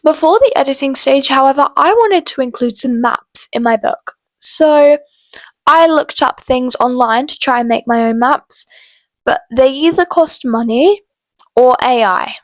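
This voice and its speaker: A woman's voice: high voice, unhurried, no room sound, low-quality recording. A young woman chatting casually as a book vlogger, rambling and full of fillers. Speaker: book vlogger and self-published author. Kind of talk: casual chat to camera.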